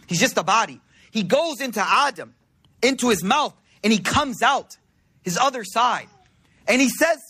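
High, bright-voiced casual preacher man. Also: lively intonation, normal speed, breathy edge. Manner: casual, storytelling with slang and quoted dialogue. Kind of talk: informal sermon.

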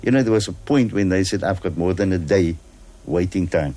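Deep, mellow man explaining patiently. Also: brisk. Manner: patient, explains with examples and checks "all right?". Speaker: guest. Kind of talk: explaining step by step on radio.

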